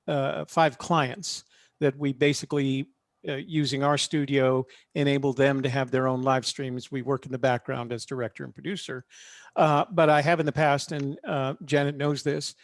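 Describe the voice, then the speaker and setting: A man on a video call making a sales pitch in a halting way, full of fillers. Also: level tone, no echo, clean studio sound. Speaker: panel attendee offering live-stream production. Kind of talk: casual online panel chat. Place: home studio.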